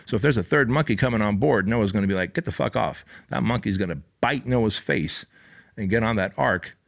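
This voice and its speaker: A man's voice: lowish voice, brisk, vocal fry. Intense, profane middle-aged male motivator. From Armenia. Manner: intense, profane, builds to shouting peaks. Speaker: podcast host. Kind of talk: motivational monologue.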